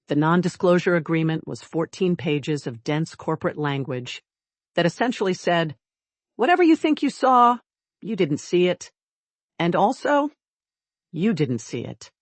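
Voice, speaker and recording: A narrator reading a romance audiobook in a measured, wry storytelling manner. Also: mid-range voice, dry recording.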